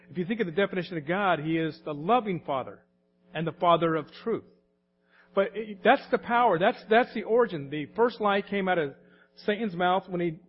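A man's voice: sits high, muffled recording, a little hiss or hum. A man preaching a sermon in a folksy storytelling way, often repeating his words as he goes.

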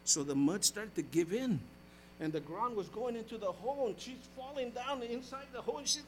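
A male pastor preaching a sermon in church, calling out to the congregation and switching between loud exhortation and hushed, folksy storytelling. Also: extremely high pitch, animated, fairly quick, a little hiss or hum, poor audio.

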